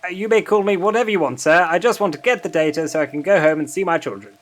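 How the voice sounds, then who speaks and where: A man's voice: high-pitched, fast, natural voice. A man playing a polite, overly formal census taker with a British accent who keeps calling people sir. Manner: overly formal, keeps saying sir, swears when startled. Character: polite fussy Old West male census taker.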